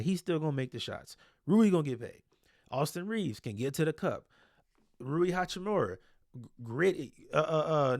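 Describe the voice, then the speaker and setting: A man's voice: sits high, no room sound, clean studio sound. A man breaking down basketball game film in a casual, exasperated and blunt way, swearing freely.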